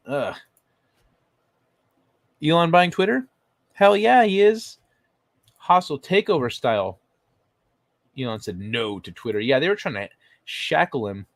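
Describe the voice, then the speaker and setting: A man's voice: mid-range voice, no echo. Blunt, profane man on a close, dry mic. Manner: blunt, profane, riffs off chat comments. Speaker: livestream host reading chat. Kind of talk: casual livestream chat.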